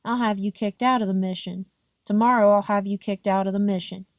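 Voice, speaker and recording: A woman's voice: medium pitch, steady tone, a little fast, no echo, lightly acted. A surly, indignant male night man at a mission, read by a woman narrator, snapping back with threats. He speaks in an audiobook voice near her own. The recording is dry and close.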